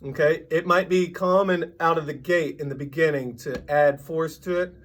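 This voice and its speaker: A man teaching a drum lesson, patiently explaining and counting sixteenth-note rhythms out loud. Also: on the high side, moderate pace, a little hiss or hum.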